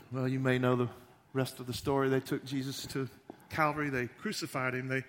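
A pastor giving a sermon, retelling scripture in a folksy, animated way with joking asides. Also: male voice, medium pitch, moderate pace.

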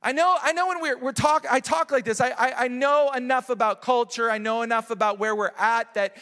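Middle-aged male pastor, very high voice, earnest repetitive sermon delivery, long hall reverb. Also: brisk, sharp tone. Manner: earnest, repetitive, urging the congregation. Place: large church hall.

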